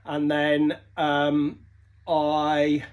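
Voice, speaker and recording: A man's voice: on the high side, completely flat delivery, very slow, clean tone. A man recovering from illness, short of breath, giving a rambling casual vlog update from his workshop, full of fillers and restarts. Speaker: motorbike racer vlogging.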